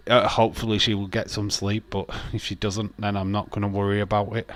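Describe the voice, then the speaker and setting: A man's voice: on the low side, level tone, normal speed, a bit bright, dry recording. A man chatting casually on a wrestling watch-along stream, rambling and blunt, with frequent laughs. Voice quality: rambling, blunt, repeats words, laughs often. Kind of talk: casual live-stream chat.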